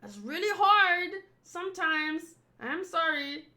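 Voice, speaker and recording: High, bright-voiced woman venting. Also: animated, slow pace. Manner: frustrated, swearing, rambling. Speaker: streamer and host. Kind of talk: casual venting to viewers.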